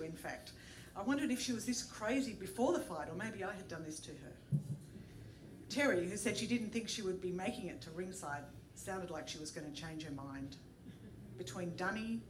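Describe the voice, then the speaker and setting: A woman's voice: fairly low pitch, distant mic. Aussie woman telling a story live, does little voices for people, roomy echo, bit of hiss. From Australia. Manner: animated, puts on voices for the people in the story, laughs along. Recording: echoey room with faint noise.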